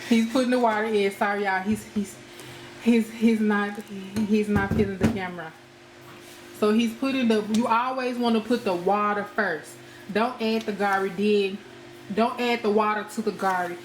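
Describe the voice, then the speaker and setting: A chatty woman from the United States talks her viewers through a home-cooked meal and keeps calling them y'all. Her voice sits at a middle pitch. The kitchen rings with echo, and steady background noise carries under her talk. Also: normal speed. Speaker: cooking vlogger. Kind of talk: casual cooking vlog.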